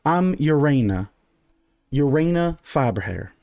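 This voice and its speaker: A man's voice: on the high side, animated, measured pace, vocal fry, darkish tone, no room sound. A man playing a bossy, folksy middle-aged mother. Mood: stern. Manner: bossy, folksy drawl, fussy scolding. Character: stern middle-aged townswoman, sharp-tongued mother.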